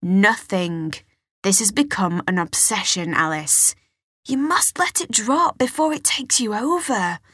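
A woman voicing a tired, evasive father in his forties, who speaks low and dismissively. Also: animated, unhurried, fairly bright tone, breathy edge, no echo, clean studio sound. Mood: exasperated. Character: weary middle-aged father, evasive and curt.

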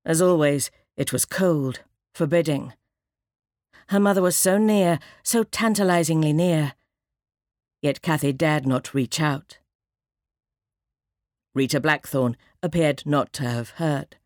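A woman narrating an audiobook in a measured, dramatic reading. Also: deep voice, a little mellow, no room sound, clean studio sound.

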